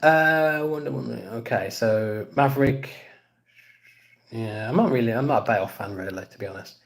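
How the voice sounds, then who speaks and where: A man in his thirties hosting a laid-back live stream, answering viewer comments as they come in. He rambles and repeats his points as he talks. His voice sits at an ordinary middle pitch. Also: moderate pace, vocal fry. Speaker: podcast host. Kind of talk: casual live-stream chat reading comments.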